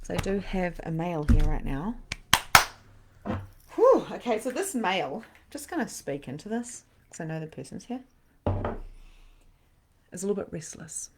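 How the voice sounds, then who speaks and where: Woman, medium, middle-aged, lowish voice, live card reading, soft whispering asides. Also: big pitch swings, normal speed, pauses often, very noisy. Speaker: spiritual medium and host.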